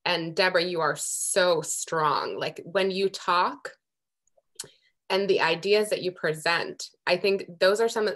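A woman's voice: on the low side, fairly bright tone. A young woman from Amherst, Massachusetts, co-chair of a working group, giving earnest, emotional remarks at a public meeting with many restarts.

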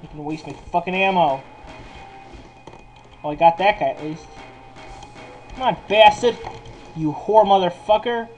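A man's voice: high voice, measured pace, pauses often, darkish tone, soft background music, low-quality recording. A man giving casual game commentary while he plays, cursing constantly. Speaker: gameplay commentator.

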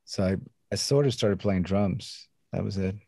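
Deep Swedish-accented man, relaxed. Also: moderate pace, vocal fry, breathy edge, no room sound. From Sweden. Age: 50s. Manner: laid-back, relaxed, with casual swearing. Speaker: guest musician. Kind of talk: casual interview chat.

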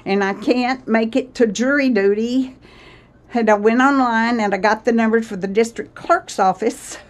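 A woman's voice: on the high side, moderate pace. A woman chatting to her viewers in a vlog from her country cottage kitchen, rambling and laughing often, a little out of breath. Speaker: vlogger. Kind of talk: casual chat to viewers.

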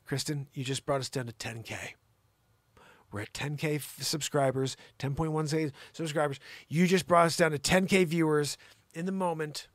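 A man hosting a live improvised comedy show, teasing and scolding a caller in a loud, mock-outraged rant. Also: a little high, normal speed, no echo.

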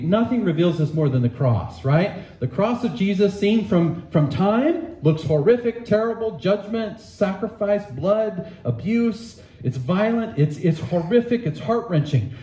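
A male pastor preaching a sermon in a conversational, emphatic manner, with candid asides. His voice is mellow and set a little high. It echoes around a church room. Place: church sanctuary.

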